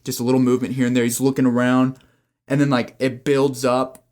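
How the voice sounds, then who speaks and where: A man co-hosting a podcast in casual chat, pitching a story and acting out its scenes. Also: a little fast. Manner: animated storyteller who acts out scenes. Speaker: podcast co-host.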